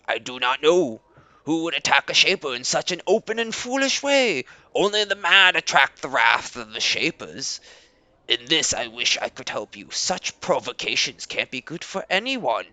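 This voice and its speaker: A man's voice: fairly high pitch, big pitch swings, sharp tone, no room sound, voice pushed down, full character voice. A man voicing a stern proud servile tribe leader. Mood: proud formal. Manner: formal, measured, guarded.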